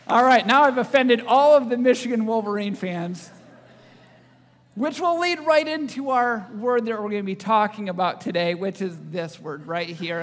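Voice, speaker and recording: High-voiced man preaching in a hall. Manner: joking, audience-engaging preacher. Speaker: pastor. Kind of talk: sermon. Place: church.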